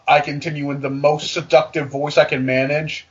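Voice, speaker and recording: A man reading fan fiction aloud for comedy, with joking, deadpan asides. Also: on the high side, normal speed, few pauses, highs cut off.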